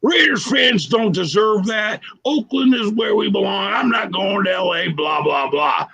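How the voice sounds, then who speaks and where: A man acting out a fired-up, defiant football player who shouts his loyalty. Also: high voice, expressive, a little slow, vocal fry, pitched above the performer's own voice, exaggerated voice. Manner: shouting, emphatic.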